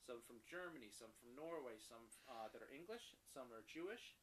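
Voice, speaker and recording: Animated dad reading a picture book. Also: male voice, mid-range voice, moderate pace, a little hiss or hum, poor audio. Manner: animated, stops to explain words to his child. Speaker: father reading to his daughter.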